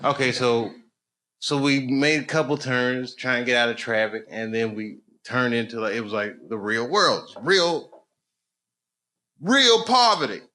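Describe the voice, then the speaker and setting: A middle-aged man doing stand-up storytelling on stage, loose and conversational, building to loud excited bursts. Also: mid-range voice, moderate pace. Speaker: stand-up comedian. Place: comedy stage with live audience. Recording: noisy live show recording. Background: audience laughter.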